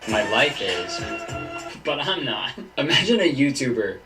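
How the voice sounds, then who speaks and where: A young man giving jokey, animated commentary on memes, laughing often as he goes. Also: mid-range voice, measured pace, reverberant, recorded from a distance, over music, poor audio. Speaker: YouTuber. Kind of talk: casual meme commentary.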